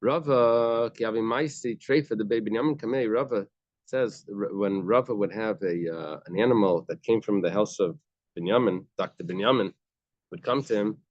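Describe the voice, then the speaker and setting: A man's voice: fairly low pitch, moderate pace, no echo, dull audio. A man teaching a daily Talmud class, reading short bits of Aramaic and then explaining them in casual, conversational English.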